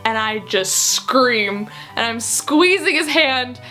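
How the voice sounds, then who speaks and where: A young woman telling a story in her vlog, excitable and giggly, quoting other people as she goes. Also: a little high, slow, soft background music. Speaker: vlogger.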